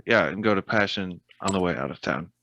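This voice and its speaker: A man's voice: deep voice, a little fast, gravelly, bright, forceful tone, slight background noise. A man playing in a tabletop game, practical and planning the group's next steps, on a dull lo-fi mic. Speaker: player. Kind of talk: casual game chat.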